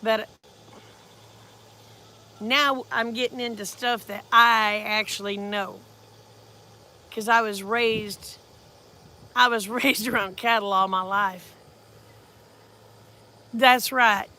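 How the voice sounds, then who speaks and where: A woman's voice: medium pitch, steady tone, slow, pauses often, bright, forceful tone. A woman, chatting folksily about her farm in a casual storytelling vlog. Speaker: farm vlogger.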